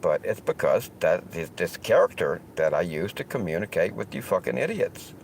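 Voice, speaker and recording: A man's voice: sits low, big pitch swings, normal speed, gravelly, slight background noise, poor audio. A man with a Southern US accent rambling through a casual livestream monologue, cursing heavily as he talks. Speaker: streamer host.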